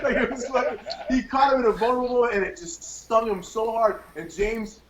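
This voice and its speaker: Podcast host, man, higher register, animated profane storyteller; echoey, muffled recording. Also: fast talker, hardly any pauses, over a noisy crowd. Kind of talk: casual storytelling.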